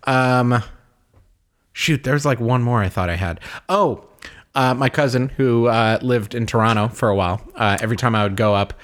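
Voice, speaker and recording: A man's voice: mid-range voice, moderate pace. A young man co-hosting a podcast, telling stories in casual chat, full of "like" fillers. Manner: rambling storyteller, many "like" fillers. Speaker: podcast co-host.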